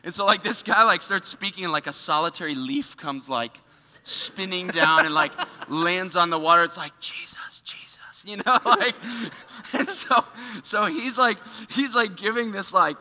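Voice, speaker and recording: A man giving a casual, animated storytelling sermon in a church, full of filler words. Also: high-pitched, normal speed, in a large hall, slight background noise. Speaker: church speaker. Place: church auditorium.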